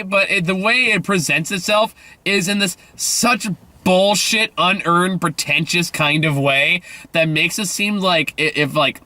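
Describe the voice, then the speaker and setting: Guy ranting about movies, pretty sarcastic, cusses a lot, kinda bright tense voice. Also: high voice, dry recording. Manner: sarcastic, swears freely, mocks dialogue; loose and rambling with many fillers. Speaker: movie reviewer. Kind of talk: casual video review.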